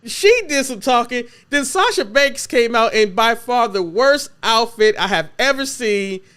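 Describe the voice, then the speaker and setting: A man hosting a casual podcast chat, joking and teasing his co-hosts in an animated way. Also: extremely high pitch, measured pace, smooth. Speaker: podcast host.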